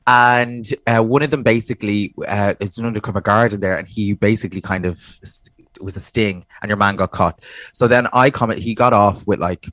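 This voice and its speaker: A young Irish man with a somewhat low voice chats on a podcast, telling stories in an animated way, acting out other people's lines and laughing often. The recording is dry and close, with no room sound. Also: fairly quick, no room sound. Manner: animated storyteller, acts out quotes, laughs often. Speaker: podcast co-host, drag performer. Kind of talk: casual chat.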